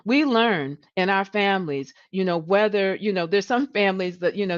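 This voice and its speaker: A woman hosting a coaching livestream. She talks in an animated way, often restarts and repeats words, and her voice rises when she gets passionate. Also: medium pitch, normal speed, highs cut off. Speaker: leadership coach and livestream host. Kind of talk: coaching talk.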